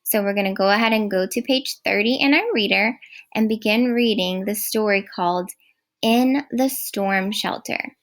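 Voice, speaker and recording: A woman teaching a recorded first grade phonics lesson, speaking clearly and praising often. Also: medium pitch, a bit bright. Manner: slow, clear, encouraging teacher talk.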